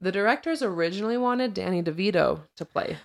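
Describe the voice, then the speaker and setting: On a podcast she co-hosts, a woman casually recaps a film, retelling scenes and sharing trivia while laughing often. Her mid-range voice is expressive and creaky, and she talks at a quick pace.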